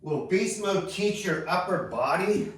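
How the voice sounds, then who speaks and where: A man's voice: sits high, expressive. A man giving a casual golf lesson in an easygoing way, talking while he hits balls on the range. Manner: easygoing, unhurried, talks while hitting balls. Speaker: golf instructor. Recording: echoey sound from far off.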